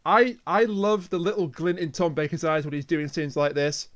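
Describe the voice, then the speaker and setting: A man's voice: a little high, fairly even intonation, normal speed, a bit bright. A man hosting a podcast, reviewing an episode with enthusiastic, mock-indignant banter. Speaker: podcast host. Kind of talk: casual chat, episode review.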